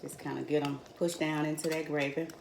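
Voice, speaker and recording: A woman's voice: low-pitched, little pitch movement, a little fast, gravelly, slight background noise. An older woman, chatting folksily through a home cooking demonstration and calling her viewers honey and y'all. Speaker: home cook host. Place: home kitchen. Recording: echoey kitchen with cookware clatter.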